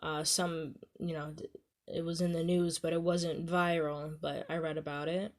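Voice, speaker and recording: A woman's voice: low voice, flat delivery, moderate pace. A young woman with a Staten Island New York accent, talking casually to her viewers in a rambling way, full of "you know" and "um". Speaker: vlogger. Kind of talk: casual talk to camera.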